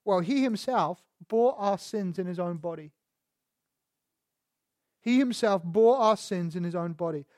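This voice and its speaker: A man's voice: sits high, unhurried, pauses often, darkish tone, no echo, studio quality. A man preaching a sermon and explaining words one by one, asking rhetorical questions and stressing single words. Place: church sanctuary.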